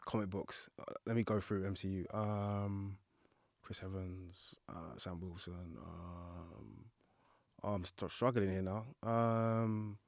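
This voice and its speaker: A man's voice: low-pitched, fairly even intonation, slow pace, gravelly, no room sound, clean studio sound. Man thinking aloud, full of ums. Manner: thinks aloud, lots of ums, self-mocking. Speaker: podcast guest. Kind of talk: casual podcast chat.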